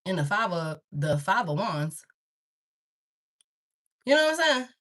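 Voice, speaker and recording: A woman's voice: mid-range voice, very animated, measured pace, a bit bright. A woman doing a casual tarot reading, talking straight to her viewers in a rambling, candid way and swearing freely. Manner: talks straight to viewers, calls them baby and y'all. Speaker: tarot reader.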